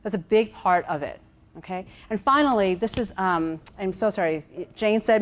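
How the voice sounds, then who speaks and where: Woman, executive coach, conversational workshop talk, mid-pitched voice, repeats herself, asks "okay?" often. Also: moderate pace, slight background noise. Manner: conversational, repeats words, checks in with the audience; walks around while speaking. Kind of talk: lively conference workshop talk.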